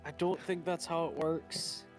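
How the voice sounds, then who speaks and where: A man playing in a tabletop game who speaks excitably and swears often. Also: a little high, a little slow, music in the background. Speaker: player. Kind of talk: casual tabletop play.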